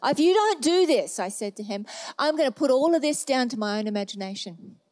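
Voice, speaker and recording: A woman preacher giving a sermon testimony, acting out her own past prayers in lively storytelling. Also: high-pitched, fairly quick.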